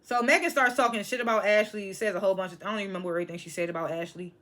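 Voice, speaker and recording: A woman casually recapping a reality TV episode, blunt and animated, swearing freely and laughing between points. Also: medium pitch, racing.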